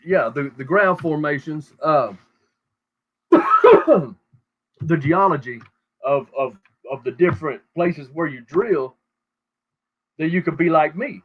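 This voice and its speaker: A man's voice: fairly high pitch, very animated, slow, pauses often, lo-fi sound, background noise. A man hosting a show, ranting crudely and rambling with heavy swearing over call audio. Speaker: show host. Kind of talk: profane casual rant.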